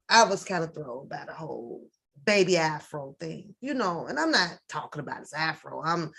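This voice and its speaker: Woman ranting slow n sarcastic in a reaction vid, pitch all over the place. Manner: blunt, profane and rambling; animated, with sarcastic asides. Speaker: reaction video host. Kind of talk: casual reaction commentary.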